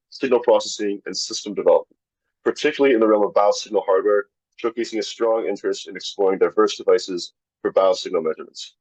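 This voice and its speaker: A man's voice: lowish voice, darkish tone, no room sound, highs cut off. A man hosting a live online tech talk, introducing speakers and reading sponsor lists in an upbeat way. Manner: upbeat, reads sponsor lists, some restarts. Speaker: webinar host. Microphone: video call.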